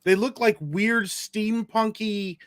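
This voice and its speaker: A man's voice: sits high, fairly even intonation, takes it slowly, fairly bright tone, no echo. A man co-hosting a livestream, talking in a blunt, rambling, sweary way. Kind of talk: casual livestream chat.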